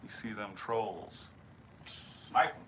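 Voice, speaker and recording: A man's voice: lowish voice, steady tone, slow, fairly bright tone. A man casually chatting with viewers on a livestream while he works in his workshop, swearing freely and mumbling as he goes. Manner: profane, laid-back, mumbles while working. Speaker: knifemaker livestreaming from his shop. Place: home workshop. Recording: noisy workshop livestream audio.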